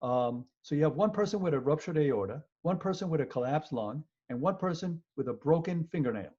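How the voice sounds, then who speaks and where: Male law professor for a webinar lecture: husky, fairly high voice, animated and joking. Muffled video-call audio. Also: brisk. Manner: animated, joking, repeats words, acts out people.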